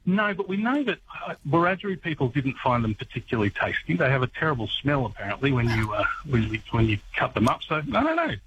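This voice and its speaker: A man telling history stories on the radio, relaxed with hesitant fillers. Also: medium pitch, fast, hardly any pauses, highs cut off, a little hiss or hum. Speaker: history guest. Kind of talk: casual radio chat.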